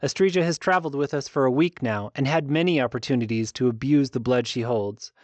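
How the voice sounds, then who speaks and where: A man's voice: mid-range voice, a little fast, darkish tone, no room sound, natural voice. A man reading an audiobook, voicing a passionate young woman heroine who speaks up with urgent, indignant force. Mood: earnest, urgent.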